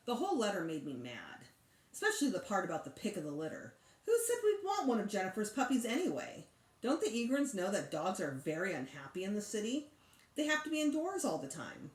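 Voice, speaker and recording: A teacher reading a children's chapter book aloud with expressive, animated storytelling. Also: female voice, medium pitch, fairly quick. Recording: echoey room.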